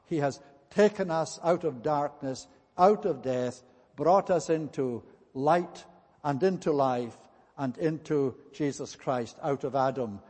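A man's voice: on the high side, a little mellow. A man preaching a sermon in an earnest way, repeating his key points for emphasis. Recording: long hall reverb.

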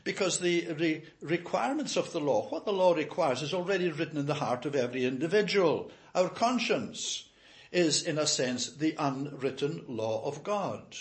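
Older guy preaching a bible sermon, kinda high voice, leans hard on key words. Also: expressive. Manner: reads scripture aloud, then explains it slowly and emphatically. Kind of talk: expository sermon.

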